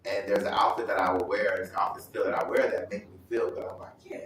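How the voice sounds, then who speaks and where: A man sharing a personal testimony at a Bible study, telling his story in an animated way and acting out other people's voices. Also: deep voice, fast talker, heavy reverb, distant mic, a little hiss or hum, rough recording. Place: church hall.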